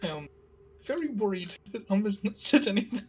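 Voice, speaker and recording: An eager, excitable player gushes and jokes around the table during a tabletop game, with a middle-pitched voice. The talk is loose and casual. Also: normal speed, slight background noise. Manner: excitable, playful.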